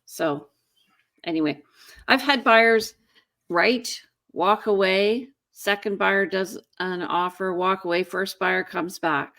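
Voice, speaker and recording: A woman's voice: medium pitch, slow, fairly bright tone. A woman hosting a real estate show in casual chat, with many ums and restarts. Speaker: real estate agent, host.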